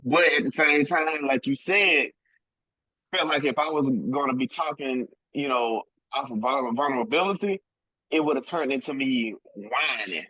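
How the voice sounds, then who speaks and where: A man's voice: a little high, animated, moderate pace, bright, forceful tone, no room sound, highs cut off. A man co-hosting a podcast, talking earnestly and informally about his own flaws and saying "man" often. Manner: earnest, informal, says "man" and "bro" a lot. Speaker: podcast co-host. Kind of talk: casual heartfelt chat.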